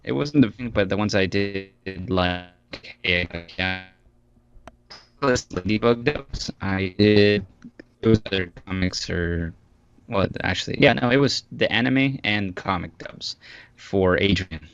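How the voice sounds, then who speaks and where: A man's voice: lowish voice, slow, dull audio. A man who works as a voice actor, chatting as an interview guest in an easygoing, joking way over an online call. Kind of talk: casual interview chat.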